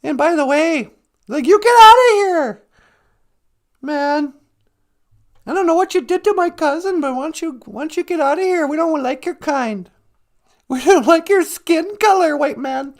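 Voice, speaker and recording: A man voicing angry, confrontational young Native warriors in a comic retelling of a film, shouting and taunting in a raised voice. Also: very high-pitched, moderate pace.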